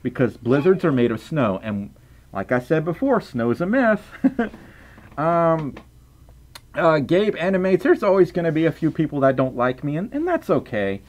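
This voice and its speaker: Animated, high-voiced young male streamer. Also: normal speed. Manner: animated, stammering restarts, playful. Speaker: livestreamer reading chat and donations. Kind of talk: casual livestream chat.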